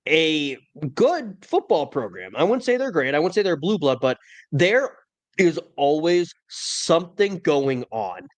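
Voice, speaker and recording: A man hosting a college football podcast, his voice sitting a little high for a man. He talks in a wry, opinionated, casual way about the latest news. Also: sing-song, measured pace. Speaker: podcast host. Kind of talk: casual sports talk.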